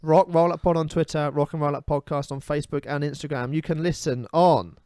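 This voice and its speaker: A man's voice: fairly high pitch, fairly even intonation, brisk, mellow, clean tone, no echo, studio quality. A man co-hosting a casual comedy podcast, joking and rambling with fillers and restarts. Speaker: podcast co-host.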